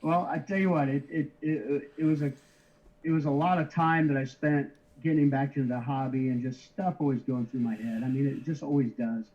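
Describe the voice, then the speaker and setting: A man's voice: mid-range voice, steady tone. A middle-aged man telling his story as an interview guest, casually, with lots of restarts and easy chuckles. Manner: halting, many restarts, easygoing chuckles. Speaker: interview guest, card shipper. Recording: slightly dull lo-fi audio.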